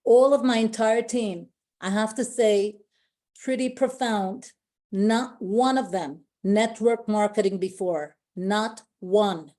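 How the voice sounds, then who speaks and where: A woman's voice: mid-range voice, slow pace, warm tone. A woman giving an emotional, effusive motivational speech to her company team on a call, often repeating herself and restarting sentences.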